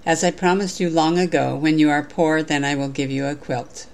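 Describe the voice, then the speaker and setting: A woman voicing a kind, calm quilt maker while reading a story aloud. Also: sits low, moderate pace, vocal fry. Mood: patient. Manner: gentle, plain storybook reading.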